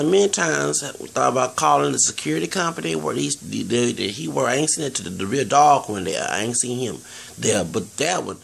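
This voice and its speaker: Very gravelly Texan man rambling. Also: mid-range voice, fairly bright tone. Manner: earnest, digressive, many restarts and fillers. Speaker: vlogger. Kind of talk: rambling monologue to camera.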